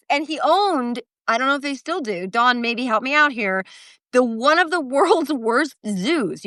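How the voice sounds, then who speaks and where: A woman's voice: fairly high pitch, a bit bright, no echo, clean studio sound. Chatty fifty-something Jersey woman host. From New Jersey. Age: 50s. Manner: chatty, self-mocking, rambling. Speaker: live-stream host. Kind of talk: casual chat.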